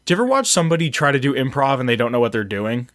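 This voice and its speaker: A man chatting casually as a podcast co-host, rambling and restarting his thoughts often. His voice sits in a middling pitch. The sound is dry and close, with no room echo. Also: sing-song, rapid-fire, fairly bright tone. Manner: rambling, many fillers and restarts.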